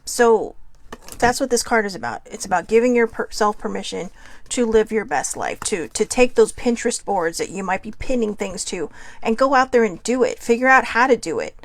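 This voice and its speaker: Gravelly-voiced woman musing aloud. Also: a little high, animated, moderate pace. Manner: earnest, musing, self-questioning. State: shaky voice from incense smoke. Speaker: host of a personal reflection show. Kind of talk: casual reflective monologue.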